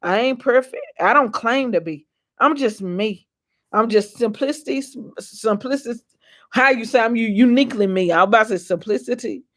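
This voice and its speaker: A woman's voice: fairly high pitch, a little fast, a bit bright. Folksy preaching woman vlogger. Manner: preachy, repetitive, encouraging; folksy, calls out to viewers. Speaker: inspirational vlogger. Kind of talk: faith-based motivational monologue.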